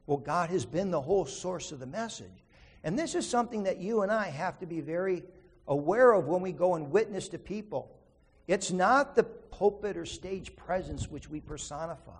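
A man's voice: high voice, gravelly, breathy edge, big-room sound. A man preaching an earnest sermon, telling a story and then teaching from scripture with emphasis. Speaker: pastor.

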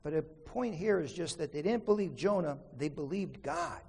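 Guy preaching a sermon, slightly high voice, earnest, echo rings on in the church hall. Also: animated, moderate pace, vocal fry, a little mellow, husky. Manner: storytelling, earnest and emphatic. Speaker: pastor.

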